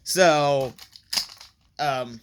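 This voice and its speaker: A man's voice: fairly high pitch, drawn-out words, noisy background. A man giving a casual, rambling plot recap review, full of frequent ums and offhand, wry asides. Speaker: video reviewer.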